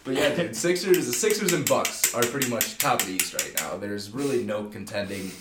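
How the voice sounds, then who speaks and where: Relaxed, slangy man on a podcast. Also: medium pitch, a little fast, roomy sound, noisy background. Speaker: podcast co-host. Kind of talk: casual sports chat.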